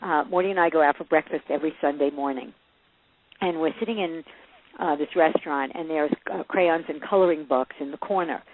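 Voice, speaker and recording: Woman, parenting coach guest, animated storyteller, laughs a lot, tinny phone-line sound. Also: low-pitched, brisk. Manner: lively storyteller who acts out quoted voices and laughs often. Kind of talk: casual interview chat.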